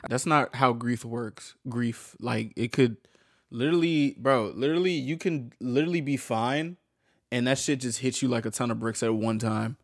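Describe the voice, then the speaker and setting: A man reacting to a true crime story, thinking out loud in slang and stumbling over his words. His voice sits at an ordinary middle pitch. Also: dry recording, clean studio sound. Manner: halting, filler-heavy slang talk. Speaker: reaction video host. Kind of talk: casual reaction commentary.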